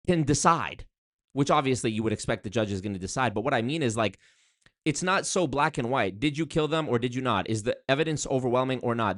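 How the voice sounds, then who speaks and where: A man's voice: medium pitch, a bit bright, no room sound, clean studio sound. A young man chatting casually on a livestream, reading viewer comments aloud and rambling with many fillers and restarts. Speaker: streamer reading chat.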